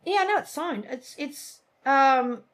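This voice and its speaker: A woman's voice: high voice, lively intonation, measured pace, a bit bright. A woman co-hosting a casual crafting chat, gushing and chatty, often trailing off mid-sentence. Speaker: co-host of a cross-stitch channel.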